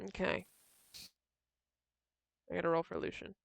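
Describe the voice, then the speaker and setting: A woman's voice: a little slow, no echo. A woman running a tabletop game as dungeon master, narrating casually with swearing and fillers.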